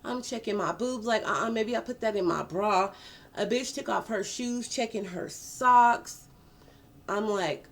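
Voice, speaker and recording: A woman tells a personal story in a casual vlog. She is animated and swears freely, stretching words out for dramatic effect. Her voice sits at an ordinary pitch for a woman. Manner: animated, profane, dramatic drawn-out emphasis. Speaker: vlogger.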